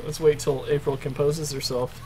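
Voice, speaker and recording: A man's voice: a little high, flat delivery, background noise. A man running a tabletop game, narrating in a laughing, easygoing manner. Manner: slow, laughing.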